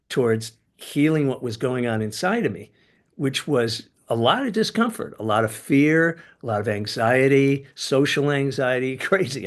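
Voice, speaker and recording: Animated older man telling stories. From United States. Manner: animated storyteller, sudden jumps in pitch and loudness. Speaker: podcast guest. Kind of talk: casual storytelling interview.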